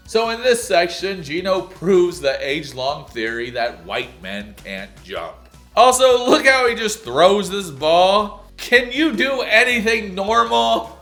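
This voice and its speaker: A man with a somewhat high voice rattles through a sarcastic TV recap, mocking as he goes. He leaps from loud shouted punchlines to muttered asides. Faint music plays behind him. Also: sing-song, slow pace, hardly any pauses. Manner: stand-up delivery, jumps between shouting and muttering. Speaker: video recap host. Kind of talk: comedic TV recap.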